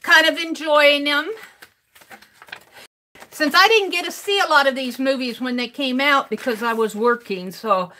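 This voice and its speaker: A woman's voice: high-pitched, measured pace, sharp tone, slight background noise. An older woman live-streaming her crafting, chatting casually, reading viewers' comments aloud and laughing often. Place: home craft room.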